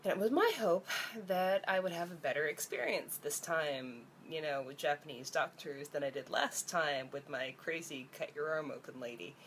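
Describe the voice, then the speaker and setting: Young woman from Canada, vlogger, lowish voice, blunt and swearing, faint room hum behind. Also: normal speed, few pauses. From Canada (Ontario). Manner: blunt and profane, rising to heated exasperation. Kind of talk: ranting vlog to camera.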